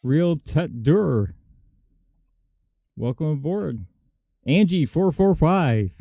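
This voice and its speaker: A man's voice: on the high side, animated, very slow, gravelly, warm tone, no echo. A man hosting a casual livestream chat, jokey and greeting viewers by name. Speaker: host.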